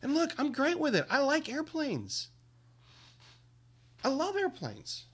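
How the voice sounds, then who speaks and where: A man hosting a livestream, talking casually with indignant, emphatic commentary that swings up and down in pitch. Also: huge pitch swings, takes it slowly, fairly bright tone. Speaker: livestream host.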